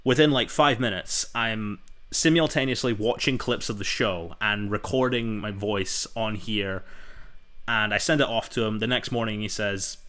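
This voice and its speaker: At a normal speed, this young podcast host talks in a lowish, bright and forceful voice. His casual chat is an enthusiastic ramble, his stories piling up one filler after another.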